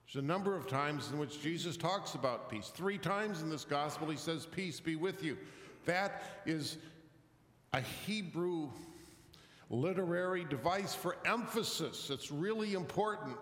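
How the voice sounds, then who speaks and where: Guy giving a slow sermon in a big echoey church, kinda high voice, asks lots of questions. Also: lively intonation, a bit bright. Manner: reflective, questioning, with light humor and pauses. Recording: roomy hall reverb, somewhat distant.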